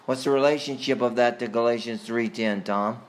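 A man teaching a catechism class, questioning students by name and pausing with frequent fillers. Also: mid-range voice. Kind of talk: Bible study teaching.

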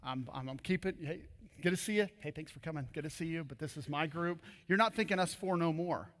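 A man preaching a sermon as pastor in a church, animated and joking as he tells stories. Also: a little high, brisk. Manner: animated, jokey storytelling preacher. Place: church auditorium. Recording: reverberant church hall.

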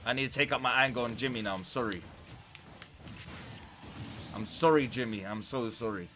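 A young man commentating his own online matches, swinging from muttered grumbles to sudden shouts. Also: medium pitch, moderate pace, soft background music. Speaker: gaming YouTuber. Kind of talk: live gameplay commentary.

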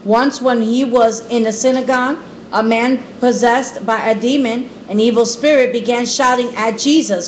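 Woman, higher voice, reads scripture and explains, phone mic, faint hiss. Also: steady tone, moderate pace, poor audio. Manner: repetitive emphasis. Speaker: Bible study leader. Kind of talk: reading scripture aloud and commenting.

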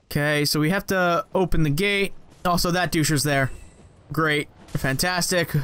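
Gameplay commentator, male, high-pitched, profane and jokey, talks straight at game enemies. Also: steady tone, measured pace, pushed and bright, clean tone. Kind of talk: let's play commentary.

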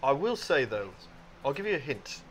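A man's voice: medium pitch, normal speed, slight background noise, poor audio. A man casually leading a party-game round with friends, teasing and upbeat. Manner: lively, teasing. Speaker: game show player.

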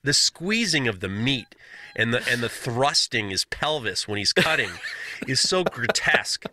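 A man co-hosting a casual podcast chat, telling stories in an animated, profane, mocking way. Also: mid-range voice, a little slow. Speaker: podcast co-host, knife maker.

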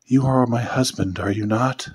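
A man's voice: sits low, a little slow, breathy edge, exaggerated voice. A man reading a novel aloud, voicing a timid, earnest young wife in a small, hesitant voice. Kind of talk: audiobook character voice.

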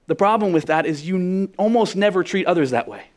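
Male pastor, fairly high voice, emphatic sermon delivery with hushed stretches and loud peaks. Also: expressive, brisk. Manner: emphatic, questioning the congregation; drops to a hushed voice then builds up loud.

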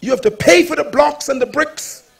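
A man's voice: very high voice, moderate pace, creaky. A male pastor preaching a sermon, telling stories with humor and calling for the congregation's response.

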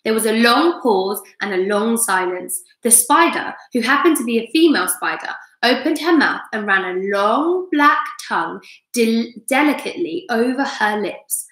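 Encouraging female teacher, read-aloud storytime; slightly high, roomy sound. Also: lively intonation, normal speed, fairly bright tone. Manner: encouraging, praising students. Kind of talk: reading a chapter book aloud to students. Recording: roomy echo.

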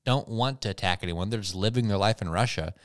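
A man co-hosting a comedy podcast in casual, animated chat, joking and slipping into silly voices. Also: on the low side, fast, clear, resonant tone. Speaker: podcast co-host.

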